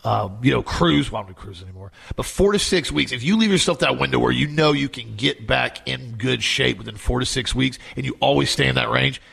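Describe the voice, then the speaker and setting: A man co-hosting a talk show, telling personal stories in a relaxed, conversational way with frequent restarts. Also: medium pitch, vocal fry, slightly rough. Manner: conversational storytelling, halting restarts. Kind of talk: casual chat.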